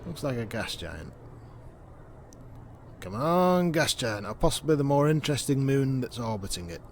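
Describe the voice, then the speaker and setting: A man's voice: mid-range voice, very animated, moderate pace, noisy background. A man casually commenting on a space game as he plays, chatty and sarcastic, often reading the on-screen text aloud. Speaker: gameplay video host.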